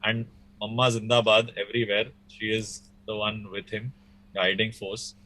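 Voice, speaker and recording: A man's voice: on the low side, flat delivery, moderate pace, bright, forceful tone. A young man, a musician talking casually in an interview, rambling with restarts and fillers. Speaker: guest musician.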